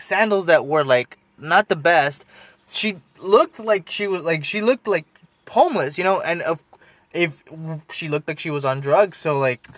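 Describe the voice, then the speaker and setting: Young man, somewhat high voice, rambling casual storytelling, dry close sound. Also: fairly bright tone, no room sound. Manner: rambling, filler-heavy, profane, laughs often. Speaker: podcast storyteller.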